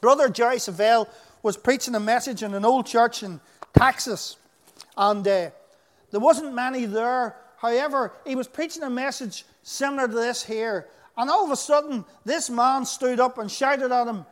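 A man's voice: very high voice, animated, normal speed. A man with a Northern Irish accent preaching a sermon, telling stories with emphatic delivery. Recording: echoey hall.

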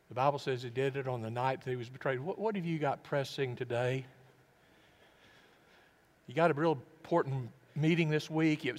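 A man preaching a sermon as a pastor, reflective and earnest, often dropping his voice low. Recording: long reverb of a large hall.

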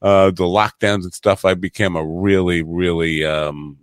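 Man, very deep bass voice, easygoing chat host, laughs a lot, dry close sound. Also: fairly even intonation, clear, resonant tone, no echo. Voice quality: very deep low voice. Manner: easygoing, laughs often, halting with fillers. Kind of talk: casual chat.

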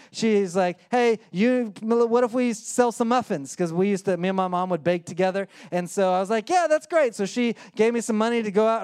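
A pastor, likely in his thirties or forties, preaching and telling a story, acting out voices and dropping low and quiet for serious points. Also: clean tone. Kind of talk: sermon with storytelling.

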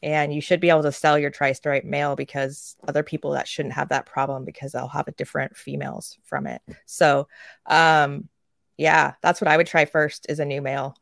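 A woman co-hosting a casual podcast. She rants in a lively way, swears freely and acts out quoted characters. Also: deep voice, a little fast, vocal fry, dry recording, clean studio sound. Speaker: podcast co-host.

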